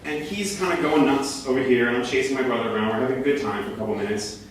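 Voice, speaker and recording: Young male storyteller on a small theater stage, lively and loud at the peaks, recorded from a distance with a faint hiss. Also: medium pitch, fast talker. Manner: animated, rising to near shouts at peaks. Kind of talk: live comic storytelling on stage. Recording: echoey room from a distance.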